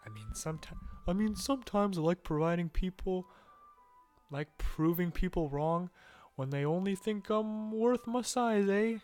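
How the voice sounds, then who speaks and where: A man's voice: high-pitched, darkish tone, faint music behind, lightly acted. A man voicing a feisty, prickly teenage girl in a visual novel, reading her lines in a bratty, teasing way. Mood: flustered. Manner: bratty, teasing, quick to snap back.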